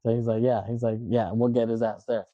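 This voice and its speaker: A man co-hosting a podcast, retelling a film scene by scene in casual, rambling chat, slipping into quick voices for the characters. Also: medium pitch, level tone, dry recording, muffled recording. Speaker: podcast co-host.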